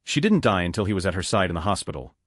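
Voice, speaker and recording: A man's voice: low-pitched, very fast, dry recording, studio quality. A man narrating a string of reader-submitted jokes in a scripted, announced-by-number way. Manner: animated, reads numbered stories one after another.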